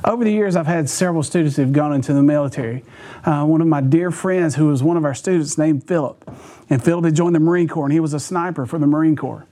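Male pastor, fairly high voice, lively storyteller who laughs mid-sermon. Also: fast. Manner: animated, chuckling, restarts phrases.

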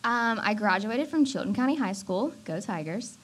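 A woman's voice: mid-range voice, expressive, moderate pace, husky. A young woman, a college student answering a host's questions in front of a youth group and joking about herself. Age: young adult. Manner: light, self-joking answers. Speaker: former student guest. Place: church youth room with an audience.

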